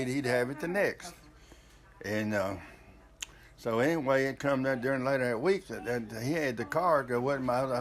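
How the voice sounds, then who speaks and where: A man's voice: mid-range voice, a little hiss or hum. Older guy telling an old family story, loose and rambling. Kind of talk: casual storytelling.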